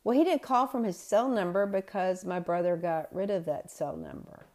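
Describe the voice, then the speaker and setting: A woman's voice: on the low side, sing-song, moderate pace, a little mellow. Woman telling a personal story, conversational. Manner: conversational, with self-corrections. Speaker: podcast host.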